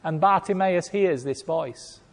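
A man preaching a sermon, telling a story with acted-out voices and big swings between loud and hushed. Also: fairly high pitch, measured pace, creaky. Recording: long hall reverb.

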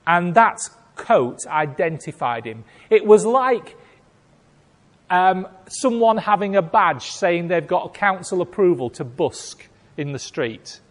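A man preaching a sermon, telling a story with acted-out voices and big swings between loud and hushed. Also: high-pitched, lively intonation, slow pace. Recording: long hall reverb.

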